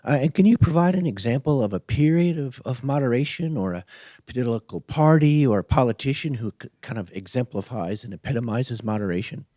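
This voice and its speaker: A man's voice: medium pitch, animated, a little fast, mellow, dry recording. A man from the audience asking a question, searching for words and rephrasing as he goes.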